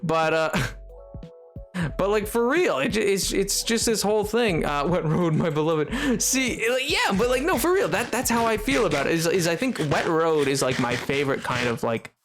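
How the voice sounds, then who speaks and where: A man's voice: high-pitched, expressive, normal speed, a bit bright, faint music behind. Rambling, giggly male game streamer. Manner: rambling and giggly, lots of fillers. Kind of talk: casual live-stream chat.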